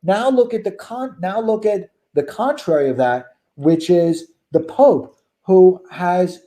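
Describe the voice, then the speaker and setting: A man's voice: sits high, takes it slowly, dark tone. A man in casual conversation who argues his opinions emphatically and piles on rhetorical questions. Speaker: guest. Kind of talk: casual chat.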